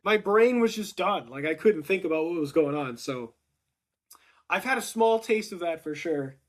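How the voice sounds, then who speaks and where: Male host, high voice, animated casual storyteller. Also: moderate pace. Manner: animated, acts out quotes with rising excitement. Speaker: podcast host.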